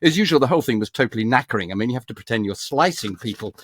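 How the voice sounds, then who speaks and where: A man's voice: medium pitch, lively intonation, rapid-fire, a bit bright. A man, a voice actor, chatting and reading from his book in a rambling, theatrical, self-mocking way. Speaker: voice actor guest. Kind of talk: casual interview chat, reading from his book.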